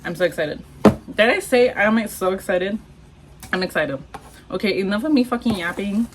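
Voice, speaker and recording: A young woman from Texas vlogging an unboxing, hyper and excitable, swearing a lot and squealing. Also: mid-range voice, moderate pace, heavy background noise. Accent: Texan. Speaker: vlogger unboxing masks and merch. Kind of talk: casual unboxing vlog.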